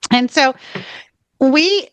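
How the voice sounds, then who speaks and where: A woman's voice: sits high, drawn-out words, no echo. A woman co-hosting a podcast, telling a travel story in casual chat with laughs and restarts. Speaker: podcast co-host.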